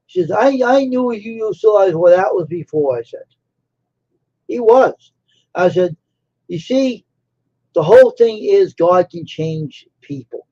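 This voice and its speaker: A man's voice: high voice, expressive, a little slow, pauses often, mellow. A man hosting a live stream, telling a personal story in a casual, rambling way and repeating phrases for emphasis. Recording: dull lo-fi stream audio.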